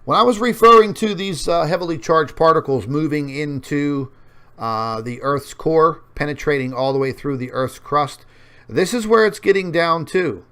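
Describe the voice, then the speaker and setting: This online news show host has a slightly high, bright and smooth voice that's expressive at normal speed. He talks viewers, whom he calls folks, through on-screen maps in casual, rambling commentary full of fillers.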